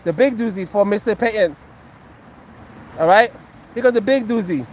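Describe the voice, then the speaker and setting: Brief: former fighter, 40s man, streaming to chat, high-pitched, defensive and sarcastic, repeats himself a lot. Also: moderate pace, darkish tone, a little hiss or hum. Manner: defensive, sarcastic and repetitive, addressing chat and a heckler. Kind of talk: casual livestream chat to viewers.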